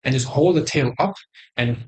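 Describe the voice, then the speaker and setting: A young man hosting a crude comedic tier list, boastful and rambling, with sudden loud outbursts. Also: mid-range voice, moderate pace, breathy edge. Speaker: host.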